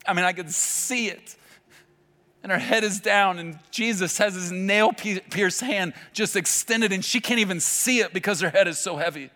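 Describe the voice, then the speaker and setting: A male pastor preaching a sermon, telling a vivid story with dramatic pauses. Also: sits high, sharp tone. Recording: long hall reverb with faint music. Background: faint music.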